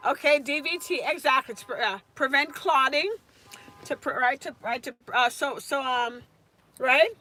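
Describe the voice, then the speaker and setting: A woman's voice: sits high, moderate pace, pushed and bright, a little hiss or hum. A woman tutoring nursing students on a casual live stream, chatting and answering viewers' comments by name.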